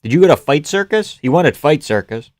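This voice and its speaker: A man streaming live fight reactions, chatting casually and swearing as he answers chat, breaking into loud yells at the big moments. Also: on the high side, animated, fairly quick, dry recording, studio quality.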